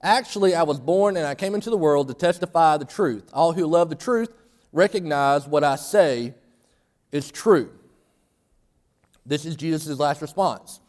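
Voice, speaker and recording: Pastor, man, slightly high voice, conversational sermon delivery that rises when animated, church hall reverb. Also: moderate pace. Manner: conversational preaching, rising animated for emphasis. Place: church sanctuary.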